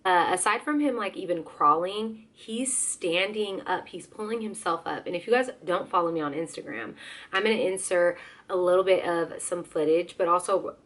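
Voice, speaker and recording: A young woman vlogging in a casual, animated way, her voice hoarse. She sits a little low in pitch and keeps up a lively, chatty flow with playful asides. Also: normal speed. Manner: chatty, animated, slips into excited quoted voices. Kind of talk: casual chat.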